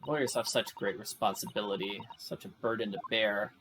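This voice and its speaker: A man voicing an earnest young woman assistant, speaking softly and breathily in a low voice. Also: steady tone, brisk, noisy background, lightly acted. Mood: shaken.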